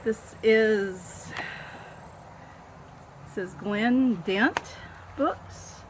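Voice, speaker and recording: Talking very slowly in a fairly high voice, this Southern woman hosts a coloring book channel and shows off her books in a rambling, casual chat. She's full of fillers and pokes fun at herself, and a little background noise can be heard.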